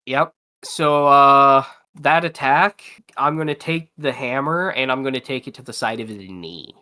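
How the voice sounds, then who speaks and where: A player in a tabletop game who talks hesitantly, with many fillers. The voice is bright and forward. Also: mid-range voice, unhurried.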